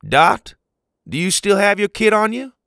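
A stern older camp leader, voiced by a man, his voice pitched well above the narrator's own and still gravelly. He speaks in an earnest, pleading way in a dry, close storybook reading. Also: sing-song, normal speed, a bit bright, no echo, heavily acted. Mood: concerned.

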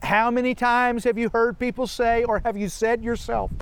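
A man preaching a sermon, animated, asking rhetorical questions and laughing often. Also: very high-pitched, normal speed, smooth.

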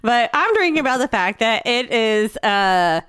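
A young woman co-hosting a relaxed podcast, talking in chatty runs and laughing easily. Her voice sits fairly high and sounds dry and close, with no room around it. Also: smooth, dry recording. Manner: chatty, laughs often, quick asides. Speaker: podcast co-host. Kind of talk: casual chat.

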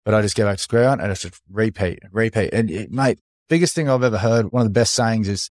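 An energetic Australian man hosting a casual podcast interview, talking bluntly with some swearing and calling his guest mate. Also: lowish voice, quick pace, dry recording. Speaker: podcast host.

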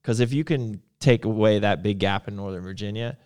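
A man's voice: on the low side, brisk, a little mellow. A man co-hosting a casual live show, telling long stories with lots of fillers. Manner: rambling storyteller with many fillers. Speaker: podcast co-host. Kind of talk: casual chat.

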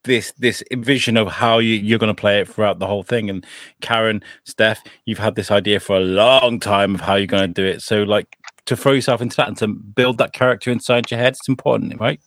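A man hosting a podcast in casual chat, chatty and quick to laugh. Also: fairly low pitch, steady tone, a bit bright, no room sound, clean studio sound. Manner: chatty, laughs often, many restarts. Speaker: podcast host.

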